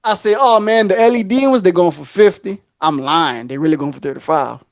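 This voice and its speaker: This man's voice sits high and moves briskly, with clean studio sound and no room reverberation. As a podcast host, he tells a long story conversationally, animatedly acting out quoted voices and laughing a lot.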